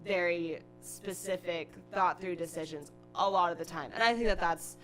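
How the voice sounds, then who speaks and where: A young woman in a casual film review chat, speaking thoughtfully and trailing off softly. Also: on the low side, moderate pace, faint music behind, low-quality recording.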